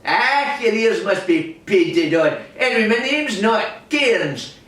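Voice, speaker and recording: A man's voice: high-pitched, big pitch swings, takes it slowly, fairly bright tone. A Scottish man hosting a music hall show with grumbling, miserly comic patter, chuckling often. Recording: echoey hall from far off.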